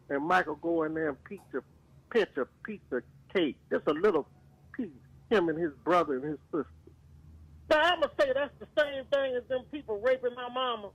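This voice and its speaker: A man's voice: high-pitched, vocal fry, a bit bright, rough recording. A man from Louisiana, speaking as a radio show caller in fervent, preacherly commentary and drawing out words for emphasis. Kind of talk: impassioned talk radio commentary.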